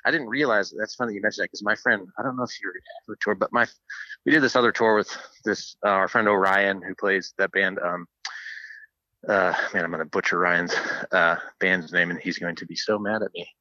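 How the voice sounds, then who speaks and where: A man's voice: low-pitched, fairly even intonation, fairly quick, pushed and bright, no room sound, highs cut off. A man who plays in a band, a podcast guest telling stories in a dry, sarcastic way. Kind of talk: casual interview chat.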